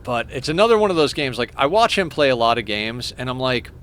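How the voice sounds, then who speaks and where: A man's voice: medium pitch, sing-song, fairly quick, few pauses, fairly bright tone. A young man streaming a game, chatting casually, rambling and stammering as he thanks viewers. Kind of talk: casual live-stream chat while playing.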